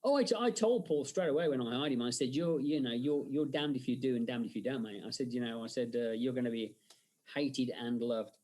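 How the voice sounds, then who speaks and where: A man's voice: medium pitch, brisk, low-quality recording. Chatty man, lots of restarts. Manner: chatty, animated, lots of restarts and quoted asides. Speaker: film director. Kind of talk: casual interview talk.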